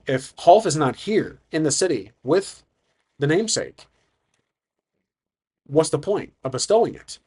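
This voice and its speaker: A man's voice: medium pitch, darkish tone, breathy edge. Hesitant man narrating a solo game. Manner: thinking aloud, hesitant, many restarts.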